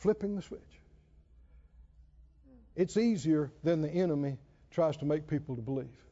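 A man's voice: fairly high pitch, lively intonation, normal speed, mellow. A man preaching a sermon, retelling a scripture story with dramatic acted voices and an emphatic, repetitive cadence. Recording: dull sound with long hall reverb.

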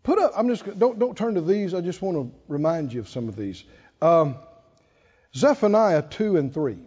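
A man's voice: on the high side, big pitch swings, normal speed, mellow, slightly rough. A man preaching a sermon at a conference, talking in a conversational way, often laughing and asking the congregation questions. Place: church or conference hall. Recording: dull sound with hall reverb.

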